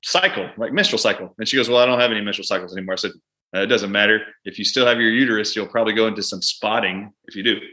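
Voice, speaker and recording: Bright-voiced man telling a vivid clinic story. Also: lowish voice, very fast. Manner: animated, acts out both sides of a patient exchange. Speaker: doctor and guest. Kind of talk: conversational storytelling.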